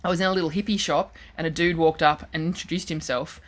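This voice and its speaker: An Australian woman, a comedian, chatting in an interview and telling lively stories that she acts out. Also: sits low, fast. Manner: animated storyteller, acts out quoted voices. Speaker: comedian guest. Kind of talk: casual interview chat.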